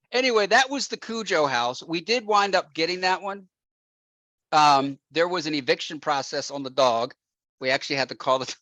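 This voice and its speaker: A man, a real estate investor as guest, telling an animated anecdote with frequent laughs and acted-out quotes. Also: fairly high pitch, no echo. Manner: laughs often, acts out quotes.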